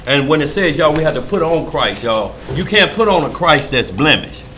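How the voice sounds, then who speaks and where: A man's voice: fairly high pitch, expressive, moderate pace, sharp tone, slight background noise. A man leading an informal Bible study, preaching in an emphatic, folksy way and often checking that listeners follow.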